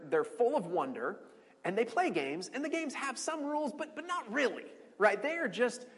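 A man giving an informal Bible teaching to a group, animated and repeating words as he restarts phrases. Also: long reverb tail. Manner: animated, restarts phrases, swoops high on emphasis.

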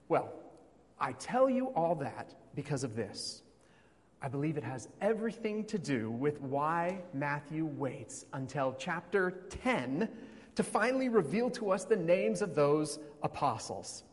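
Dramatic male preacher in a reverberant hall. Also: a little high. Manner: dramatic storytelling, sweeping emphasis and repetition. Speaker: pastor. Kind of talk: sermon.

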